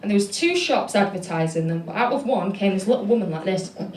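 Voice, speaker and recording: A woman's voice: mid-range voice, expressive, quick pace, very noisy. A young woman with a Manchester accent telling stories on stage in a chatty, self-deprecating stand-up set full of fillers. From Manchester, England. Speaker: stand-up comedian. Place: comedy club stage. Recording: echoey venue with audience laughter. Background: crowd laughing.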